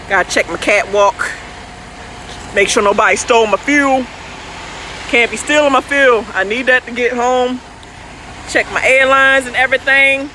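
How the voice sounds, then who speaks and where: Outside by a truck at night, a woman driver livestreams from her phone, bantering goofily and talking back to the comments. Her voice is fairly high, bright and pushed. Light vehicle noise from outdoors is faintly audible.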